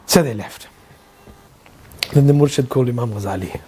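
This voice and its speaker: A man teaching a religious lesson as a lively storyteller who acts out each character's lines. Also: mid-range voice, moderate pace, pauses often, breathy edge. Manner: animated storyteller, acts out dialogue, laughs often. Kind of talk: storytelling lecture.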